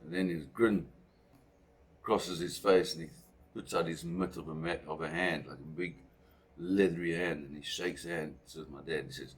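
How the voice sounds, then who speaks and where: A man's voice: sits low, steady tone, moderate pace, breathy edge. A man from South Africa telling a personal story in a rambling, conversational way with asides.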